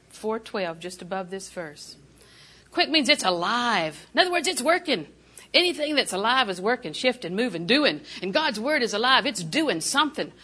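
A woman's voice: mid-range voice, pushed and bright. An older woman preaching a sermon, telling folksy, humorous stories and laughing often.

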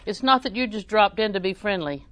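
Woman preacher telling homey stories between bible verses, mid pitch, dry recording. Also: expressive, brisk, a bit bright, dry recording. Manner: folksy storytelling with scripture reading. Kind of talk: sermon.

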